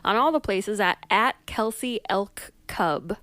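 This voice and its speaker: A woman's voice: mid-range voice, fairly bright tone, no echo. Upbeat comedian woman guest. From United States. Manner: upbeat, quick interjections. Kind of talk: casual chat.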